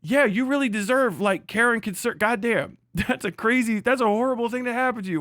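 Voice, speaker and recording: A man with a high-pitched voice delivers a blunt, profanity-heavy livestream rant. His voice is recorded close and dry, with no room sound around it. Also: brisk, hardly any pauses, fairly bright tone, no echo. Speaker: streamer.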